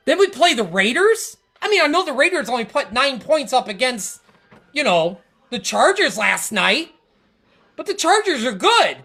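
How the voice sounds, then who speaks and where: A woman's voice: high-pitched, sing-song, moderate pace, a bit bright, soft background music. A woman hosting a podcast, ranting in a casual, frustrated way about her football team, rambling and stammering through restarts. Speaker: podcast host. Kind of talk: casual sports rant.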